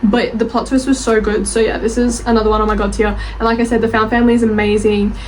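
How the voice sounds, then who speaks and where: A woman's voice: a little high, flat delivery, quick pace, slight background noise, poor audio. Gushing young woman yapping about books. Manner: rambling, gushing, swears freely, laughs often. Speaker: book reviewer and author. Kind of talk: casual bookish vlog chat.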